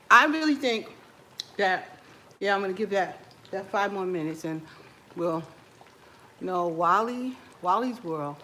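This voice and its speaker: A woman's voice: mid-range voice, fairly bright tone. Chatty woman eating on a home cooking vlog. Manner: chatty, laughs often, talks while eating. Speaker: cooking vlogger. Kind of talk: casual chat to viewers while eating. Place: home kitchen.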